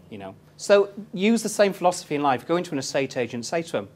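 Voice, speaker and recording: A man's voice: a little high, big pitch swings, racing, few pauses. Cheeky, chatty seminar speaker, a man. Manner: chatty, cheeky, storytelling, quizzes the audience. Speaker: property investment seminar speaker. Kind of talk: live seminar talk to an audience. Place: seminar room with audience.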